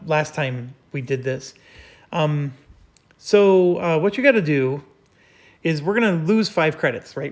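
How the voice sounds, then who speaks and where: Man, host, board game playthrough, step-by-step explaining, many fillers, slightly high voice.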